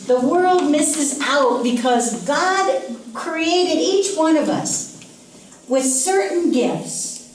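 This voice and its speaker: A woman's voice: high-pitched, expressive, drawn-out words, a little hiss or hum. A woman giving an earnest, storytelling inspirational talk to a youth rally. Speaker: youth speaker. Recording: very echoey hall, distant mic.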